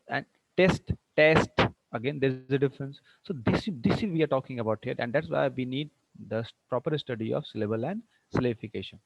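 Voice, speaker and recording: Gravelly Indian English male teacher. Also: mid-range voice, no echo. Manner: explains slowly and repeats words, switching into Hindi at times. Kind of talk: online lecture. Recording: dull muffled online-class audio.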